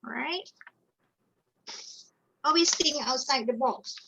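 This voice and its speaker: Woman from Malaysia, teacher trainer on a video call; slow, bright and fairly high, punctuates with "okay?". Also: gravelly, noisy background. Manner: tags phrases with "okay" and "all right", mixes in Malay phrases. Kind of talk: webinar lecture.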